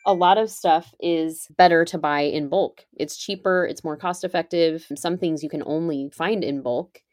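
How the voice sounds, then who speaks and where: A woman's voice: deep voice, steady tone, moderate pace, a little mellow, no echo, clean studio sound. A woman on a podcast, explaining emergency preparedness step by step in an upbeat, chatty way. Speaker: podcast guest, preparedness expert. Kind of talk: casual podcast conversation.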